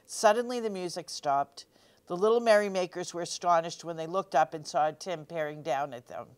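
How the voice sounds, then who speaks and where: Smooth low-voiced woman reading a storybook. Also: normal speed. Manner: gently expressive, asks the listeners questions. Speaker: storytime reader. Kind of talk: children's picture book read-aloud.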